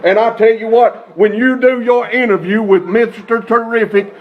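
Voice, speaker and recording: A man's voice: extremely high pitch, fairly even intonation, normal speed, few pauses, lo-fi sound. A man being interviewed as a wrestler, talking in a brash, hyped wrestling-promo style.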